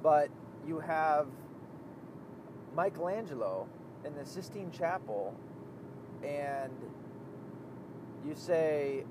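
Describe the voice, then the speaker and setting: A man's voice: on the high side, unhurried, long pauses. Profane man rambling while driving. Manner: profane, rambling, loses his train of thought. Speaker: vlogger. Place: inside a car on the road. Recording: steady car road noise.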